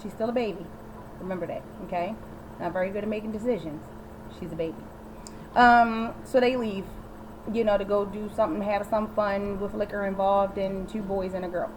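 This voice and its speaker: A woman vlogger giving a sassy, animated recap of a TV episode and talking straight to the viewer. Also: medium pitch, a little fast, slight background noise, rough recording. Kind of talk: casual chatty recap.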